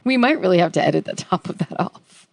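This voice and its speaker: A young woman from California co-hosting a podcast, chatting casually with wry, deadpan asides. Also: fairly low pitch, a little fast, vocal fry, no echo. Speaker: podcast co-host. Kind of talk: casual chat.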